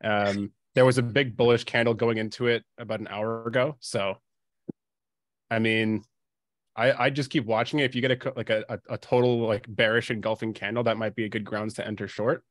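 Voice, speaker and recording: Hesitant low-voiced man co-hosting. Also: fairly even intonation, a little fast, dry recording, clean studio sound. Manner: hesitant, many fillers and restarts. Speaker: co-host. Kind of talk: casual trading commentary.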